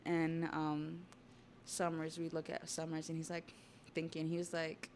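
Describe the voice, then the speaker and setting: A young woman on a casual livestream, talking through a story with excitable chatter and offhand swearing. Her voice sits a little low. It is recorded on a desktop mic. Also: a little slow, a little hiss or hum. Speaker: streamer.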